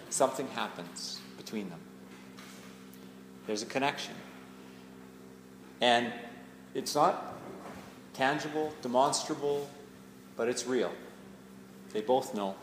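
A man, a pastor, preaching a sermon in a conversational, searching way, slowing down to lean on key words. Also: mid-range voice, expressive, background noise. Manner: conversational and searching, slows down for emphasis. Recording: echoey hall with faint ambience.

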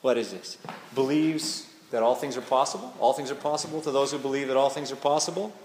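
A man, a pastor, preaching a sermon in a conversational, searching way, slowing down to lean on key words. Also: medium pitch, steady tone, darkish tone, a little hiss or hum. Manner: conversational and searching, slows down for emphasis. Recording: echoey hall with faint ambience.

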